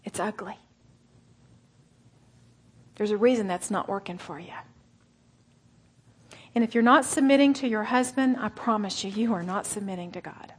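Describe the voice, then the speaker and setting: A woman teaching a sermon, telling stories with animated delivery and dropping into near-whispers for emphasis. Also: medium pitch, moderate pace, long pauses, husky. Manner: animated storytelling, acting out quotes, dropping to a whisper. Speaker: Bible teacher. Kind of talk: sermon to a women's audience.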